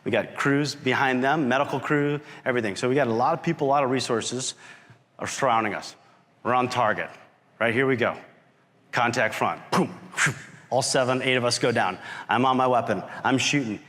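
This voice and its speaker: A man giving a motivational talk as a keynote speaker, telling a story with animated energy and acting out quoted lines. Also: medium pitch, moderate pace. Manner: animated storyteller who acts out quotes and shouts. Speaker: keynote speaker, company founder. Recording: long reverb of a large hall.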